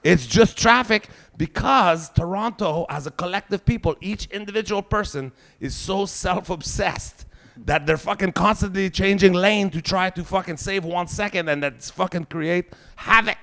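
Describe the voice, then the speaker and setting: Man in his forties, québécois french accent, profane stand-up rant, fairly high voice. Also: moderate pace, vocal fry, a bit bright. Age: 40s. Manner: profane, ranting, swears heavily. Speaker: stand-up comedian. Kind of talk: stand-up set.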